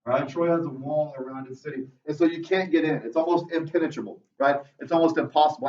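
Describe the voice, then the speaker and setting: Lively male teacher in an echoey classroom. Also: a little high, fairly quick. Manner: tags most sentences with "right?"; lively, talks straight to students. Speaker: English teacher. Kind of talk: classroom lecture. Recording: roomy, dull classroom audio from far off.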